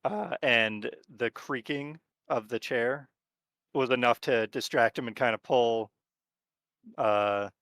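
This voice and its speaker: A man narrating as game master of a tabletop horror game, talking in a relaxed, rambling way with lots of fillers. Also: medium pitch, takes it slowly, dry recording.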